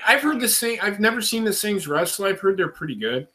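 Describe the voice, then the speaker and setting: A man's voice: sits high, very animated, brisk, bright, forceful tone, poor audio. A young man hosting a casual wrestling watch-along, blunt and enthusiastic, swearing constantly. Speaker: host watching wrestling with viewers.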